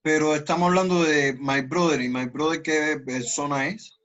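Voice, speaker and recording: A man with a Spanish accent teaching English, explaining grammar and slowly modeling example sentences. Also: fairly high pitch, steady tone, a bit bright, dull audio. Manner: switches between languages, slow deliberate model sentences. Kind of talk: online class, explaining grammar.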